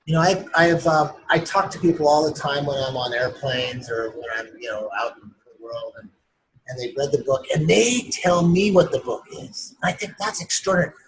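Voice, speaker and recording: Over a low-quality feed from a remote interview streamed live online, a man with a fairly high voice and lively intonation speaks at a normal speed. Interviewed as an author, he tells stories enthusiastically and acts out other people's lines as he goes, keeping the talk casual and animated.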